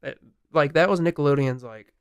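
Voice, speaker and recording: Animated young man retelling a story. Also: a little high, brisk, clear, resonant tone, no room sound, studio quality. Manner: animated, swearing, laughing, many restarts. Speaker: podcast co-host. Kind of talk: casual chat, retelling a true crime story.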